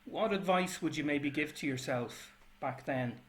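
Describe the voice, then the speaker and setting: A man's voice: on the high side, a little slow. An Irish man interviewing a guest, asking questions with hesitant restarts. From Ireland. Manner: hesitant, repeats words while forming questions. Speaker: interviewer, librarian.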